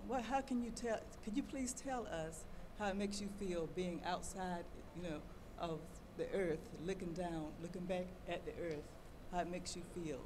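A woman from the audience asking a question hesitantly, with many pauses and fillers. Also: fairly low pitch, background noise.

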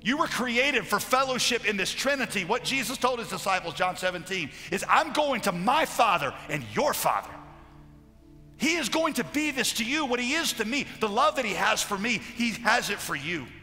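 A man preaching a sermon as a pastor, passionate, moving from loud declarations to hushed storytelling. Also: sits high, big pitch swings, moderate pace. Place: large conference hall. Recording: live hall recording with long reverb and faint music.

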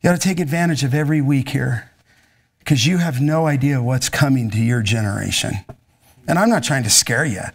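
A man's voice: mid-range voice, a little fast. A middle-aged man preaching to students and taking their questions, in an intense, emphatic way. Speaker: pastor.

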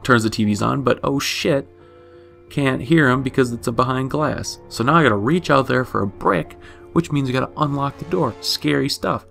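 A man's voice: medium pitch, moderate pace, creaky, fairly bright tone, faint music behind. A man giving a casual, flippant game recap, rambling and swearing, correcting himself as he goes.

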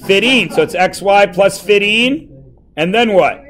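Man, math teacher, high voice, slow pace, playful, quizzing a class. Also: lively intonation, fairly bright tone. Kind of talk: classroom lesson.

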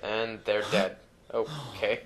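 A man's voice: on the low side, takes it slowly, very noisy. A young man casually commentating his gameplay, rambling and joking with lots of fillers. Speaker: let's player.

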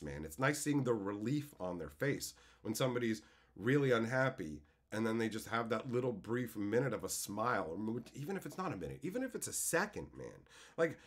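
Animated, profane man chatting to his stream. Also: mid-range voice. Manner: animated and profane, bursts into loud exclaiming. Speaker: streamer answering chat. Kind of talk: casual live-stream chat.

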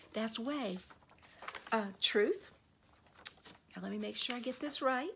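A woman who is a spiritual director, leading a devotional teaching with spoken prayer in an earnest, unhurried way that often sinks to a hush. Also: on the high side, vocal fry, breathy edge.

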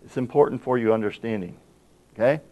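A man's voice: mid-range voice, fairly quick, dull audio. A man preaching a sermon as pastor, reading scripture aloud and putting rhetorical questions to the congregation with emphasis.

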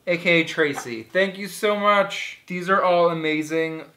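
A woman's voice: lowish voice, unhurried, fairly bright tone. Playful woman chatting through fan mail. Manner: playful, jokey, reads labels aloud. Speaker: vlogger opening fan mail. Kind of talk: casual chat.

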